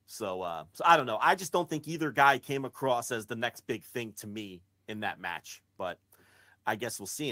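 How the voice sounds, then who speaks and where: A man co-hosting a wrestling podcast in casual, blunt chat, swearing freely and getting animated when he mocks excited fans. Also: mid-range voice, dry recording. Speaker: podcast co-host.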